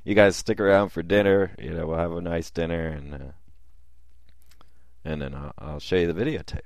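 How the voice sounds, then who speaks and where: A man's voice: low voice, fairly even intonation, moderate pace, gravelly, dry recording. A man voicing an intense, storming woman in camouflage, frantic and insistent, in a story he tells. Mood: calmer.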